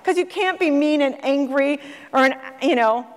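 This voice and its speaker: A woman with a high voice tells a story from the stage of a large conference hall. She acts out the voices of the people she quotes, and the sound rings with a long hall reverb. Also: normal speed. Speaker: speaker at a conference. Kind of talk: storytelling talk to an audience.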